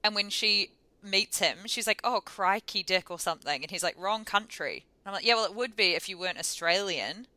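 A woman's voice: mid-range voice, lively intonation, a little fast, sharp tone, no echo. A young woman co-hosting a podcast, telling stories in casual, sarcastic chat. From New Zealand. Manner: chatty, sarcastic storytelling. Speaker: podcast co-host.

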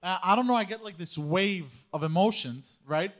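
Man, podcast guest, casual storytelling, rambling, frequent laughs, slightly high voice. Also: expressive, normal speed, a bit bright. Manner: rambling, laughing and swearing often.

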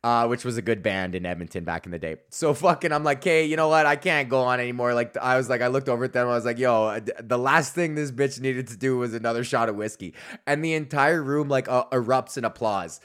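A male comedian who hosts his own podcast rambles through a stage story in a middle-pitched voice. He swears nonstop, chuckles at his own jokes, and slips into quick impressions of the people he describes. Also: fairly bright tone. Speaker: podcast host, stand-up comedian. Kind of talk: casual profane storytelling monologue.

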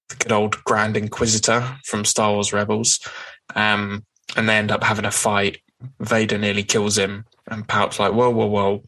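Steady man recapping comics. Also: on the low side, low-quality recording. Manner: rambling plot recap with many fillers. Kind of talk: casual comic-book discussion podcast.

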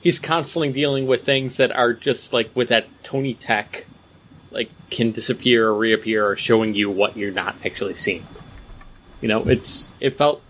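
A man's voice: medium pitch, steady tone, moderate pace, a bit bright, low-quality recording. Man bantering casually on a film podcast. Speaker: podcast co-host.

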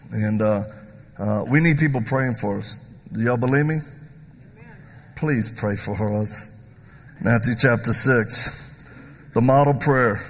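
A man preaching to a live crowd, telling his stories with jokes and acting out the people in them. His mid-pitched voice has a gravelly edge. The sound carries the long reverb of a large hall. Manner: animated, joking storyteller who acts out voices. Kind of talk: sermon with storytelling.

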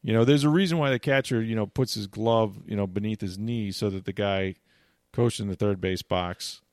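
Man, low gravelly voice, casual sports talk, storytelling, dry close sound. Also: normal speed, no echo. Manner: storytelling, animated anecdotes. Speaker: co-host, former player turned broadcaster.

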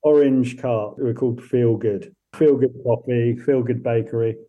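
Warm, dark-voiced man as a radio guest. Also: medium pitch, fairly even intonation, a little slow. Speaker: charity founder guest. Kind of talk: radio interview.

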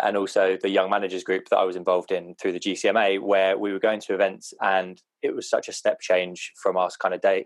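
A man's voice: sits low, dry recording. A man who is a guest on a podcast, recounting how he first got involved. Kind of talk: casual podcast chat.

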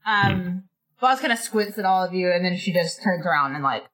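A woman's voice: lowish voice, expressive, moderate pace, fairly bright tone, poor audio. A woman running a tabletop game as game master, chatty and often laughing. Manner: laughing, self-conscious, chatty.

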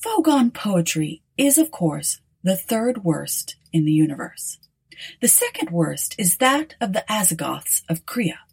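Husky, slow-reading woman narrator. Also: fairly low pitch. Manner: wry, expressive storytelling. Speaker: audiobook narrator. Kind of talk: expressive audiobook narration.

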